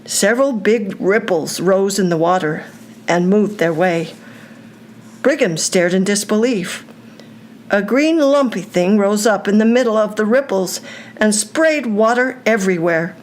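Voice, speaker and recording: With a little hiss or hum in the recording, an older woman reads a children's story in a mid-range voice, taking a slow, deliberate storyteller's pace.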